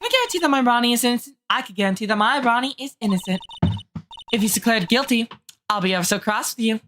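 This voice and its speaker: A woman's voice: fairly high pitch, expressive, quick pace, fairly bright tone, a little hiss or hum, pitched above the performer's own voice. A woman voicing a sweet, doting wife who speaks in a sugary, cooing way.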